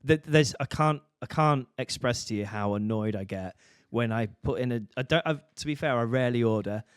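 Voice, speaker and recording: Sweary podcast co-host. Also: male voice, mid-range voice, fairly quick, clean tone, no echo, studio quality. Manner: sweary, acts out quoted voices. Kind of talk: casual comedic chat.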